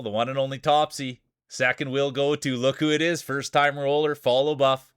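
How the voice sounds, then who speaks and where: A man with a broad rural Saskatchewan Canadian accent calls a live-streamed marble race at an ordinary pitch. He hypes up each racer with playful announcer shout-outs. The sound is dry and close, with no room in it. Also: little pitch movement, moderate pace, few pauses, clear, resonant tone, dry recording.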